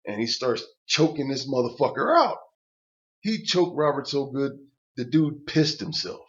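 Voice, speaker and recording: An older man spins a rough personal tale in a blunt, profane rant, tripping over himself in stammered restarts. His voice sits in a middling pitch. The recording is dull and lo-fi. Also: lively intonation, a little slow. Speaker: vlogger telling a personal story. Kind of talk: casual profane storytelling rant.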